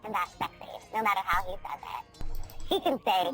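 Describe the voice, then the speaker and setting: A woman's voice: medium pitch, brisk, fairly bright tone, faint music behind. A woman trading brash, vulgar, mocking banter in a crude teasing phone exchange.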